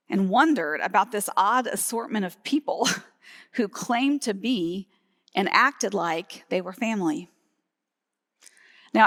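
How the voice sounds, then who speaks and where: A woman's voice: mid-range voice, fairly bright tone. A woman pastor delivering a live Sunday sermon, teaching steadily and laughing lightly now and then. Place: church sanctuary, live service. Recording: long hall reverb from a church.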